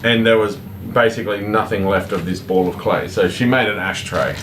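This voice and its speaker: A man's voice: fairly low pitch, steady tone, fairly quick, a bit bright. A man co-hosting a casual live stream, chatting and explaining crafts with restarts and laughs. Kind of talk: casual chat. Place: home room. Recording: roomy, far from the mic, noisy.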